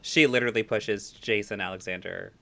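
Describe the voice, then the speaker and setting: Man, podcast co-host, bright sharp tone, gushing, laughing. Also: fairly low pitch, fairly even intonation, brisk, gravelly. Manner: gushing, laughs between lines. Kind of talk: casual podcast chat.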